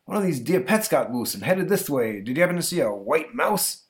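A man's voice: fairly high pitch, sing-song, fairly quick, voice pushed up. A smug small-time crook from a comic strip, as a man puts him on, with an oily, wiseguy patter. His voice sits a little above a man's usual.

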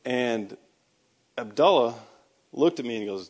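A man's voice: mid-range voice, animated, measured pace, a little mellow. A man, a Christian speaker, giving a personal testimony sermon in a conversational storytelling way, with sarcastic asides and emphatic bursts. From United States. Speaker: Christian speaker and army veteran.

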